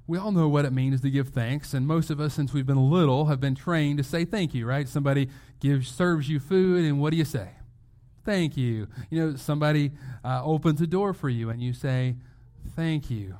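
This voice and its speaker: A man's voice: fairly high pitch, moderate pace, mellow. A male pastor giving a sermon in a conversational way, asking rhetorical questions and restarting phrases as he goes.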